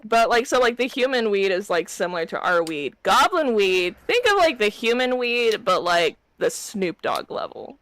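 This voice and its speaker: A woman's voice: medium pitch, sing-song, normal speed, few pauses, fairly bright tone, dry recording. A young woman serving as dungeon master, narrating the game casually, with frequent fillers, laughter and swearing. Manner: laughing, profane, rambling fillers.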